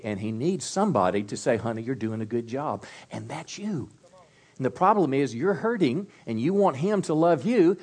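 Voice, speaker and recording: A man's voice: mid-range voice, darkish tone. Folksy preaching man, call-and-response. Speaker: pastor. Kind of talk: sermon.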